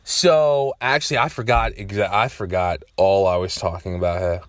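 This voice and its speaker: A young man talking to camera in a loose, rambling way, swearing freely and breaking into loud outbursts. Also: low voice, steady tone, normal speed, no room sound, clean studio sound. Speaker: vlogger. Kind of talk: casual rambling monologue.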